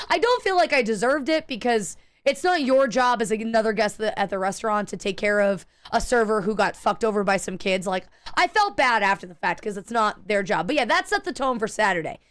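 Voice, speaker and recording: A woman streamer chatting casually while gaming, telling stories in a profane, animated way and acting out the people in them. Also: medium pitch, fast talker, hardly any pauses, clean tone. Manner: acts out quoted people in her stories.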